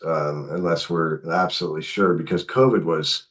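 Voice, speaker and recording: A man's voice: very deep voice, normal speed. A middle-aged man, a guest author, telling a long personal story in conversation and acting out the voices of the people in it. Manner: animated, acts out quotes in his telling.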